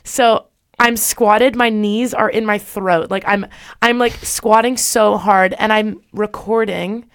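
A young woman hosts a laid-back podcast. She tells stories in a rambling, chatty way and fills her sentences with "like". Her voice is smooth and clear, and sits at a middle pitch. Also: steady tone, slow pace. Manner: chatty storytelling with frequent "like". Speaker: podcast host. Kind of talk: casual podcast chat.

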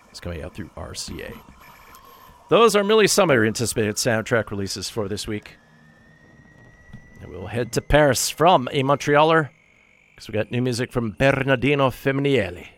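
A man hosting a radio show, reading out a list of soundtrack releases in a casual, wry way and correcting himself as he goes. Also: on the low side. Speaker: radio host.

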